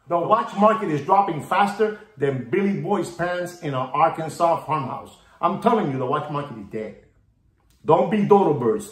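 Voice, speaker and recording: Theatrical male vlogger, high-ish animated voice, swings loud to muttering, echoey room. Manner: theatrical, repetitive, swings between loud bursts and low mutters. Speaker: watch market vlogger. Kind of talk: hyped market rant to camera. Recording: roomy echo.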